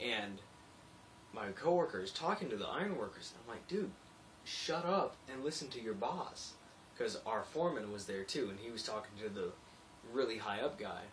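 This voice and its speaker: Rambling young man, low voice. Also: far from the mic, a little hiss or hum. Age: young adult. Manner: rambling and chatty, laughs easily. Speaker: construction worker. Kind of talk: casual late-night video diary.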